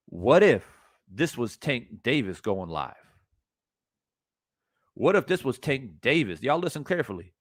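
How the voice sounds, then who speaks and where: A man's voice: medium pitch, sing-song, normal speed, pauses often, no echo, clean studio sound. Blunt, profane man ranting live. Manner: blunt, profane, repeats points for emphasis. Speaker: streamer reacting to boxing news. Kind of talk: live-stream reaction rant.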